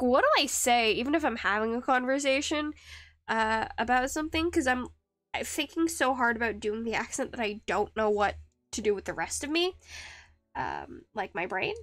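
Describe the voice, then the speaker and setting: A woman's voice: high voice, a bit bright, no room sound. A woman streaming live while she carves rings, talking in a rambling, self-deprecating way with many fillers and restarts. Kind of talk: casual live-stream chat while woodcarving.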